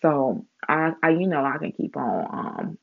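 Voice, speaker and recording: A woman speaking in a casual spiritual vlog, rambling with many fillers and restarts, and getting animated as she retells a story. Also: deep voice, unhurried, vocal fry, slightly rough, no echo, narrow, tinny audio.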